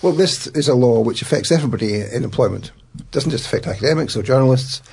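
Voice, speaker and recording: A middle-aged man, a guest in an interview, recounting events in an animated way with many restarts. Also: medium pitch, fast talker, gravelly, husky. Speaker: guest, academic.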